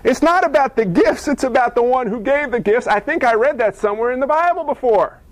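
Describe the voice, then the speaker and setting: A male pastor delivers his sermon with a strikingly high voice. He preaches in an animated way and acts out the people in his stories. The sound is dry and close. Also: a little fast, no echo, low-quality recording.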